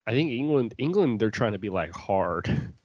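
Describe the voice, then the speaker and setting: A man's voice: lowish voice, very animated, normal speed, a little mellow, slightly rough, no echo, dull audio. A man co-hosting a casual podcast, laughing often, swearing and restarting his sentences. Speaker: podcast co-host. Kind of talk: casual crude chat.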